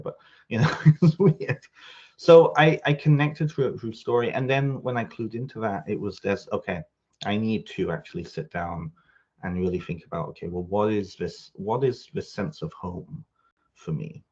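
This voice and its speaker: Low husky canadian guy on a muffled video call, rambling, lots of ums. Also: normal speed, darkish tone. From England. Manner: rambling, searching for words, many fillers. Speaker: guest. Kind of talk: reflective interview talk.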